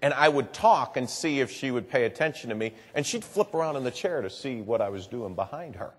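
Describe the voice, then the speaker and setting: A man's voice: medium pitch, lively intonation, fairly quick, breathy edge. A man telling a story in earnest to a live audience. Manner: earnest storytelling, repeats "and boy". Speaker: public speaker. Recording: long hall reverb.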